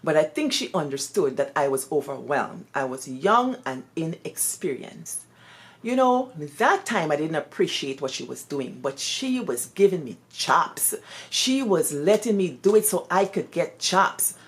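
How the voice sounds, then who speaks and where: A woman with a Guyanese accent, a former teacher, telling personal stories in an expressive, lively way sprinkled with Creole phrases. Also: low-pitched, unhurried. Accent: Guyanese Creole-tinged English. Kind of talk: animated personal storytelling.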